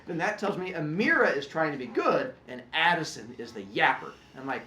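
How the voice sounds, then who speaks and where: A man teaching and explaining classroom rules in an animated, joking way, acting out his students. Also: a little high, brisk, few pauses, roomy sound. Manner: animated, jokey, acts out students.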